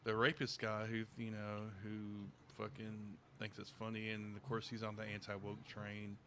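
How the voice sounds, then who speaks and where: A man hosting a casual podcast chat, talking in a profane, sarcastic and animated way. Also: lowish voice, moderate pace, noisy background. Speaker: podcast host.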